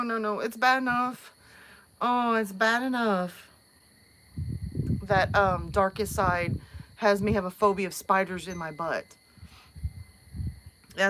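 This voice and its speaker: Outdoors at night, a woman from the American South chats casually on a live stream in a Southern accent. Her mid-range voice has a fairly bright tone, and she rambles and laughs with plenty of fillers.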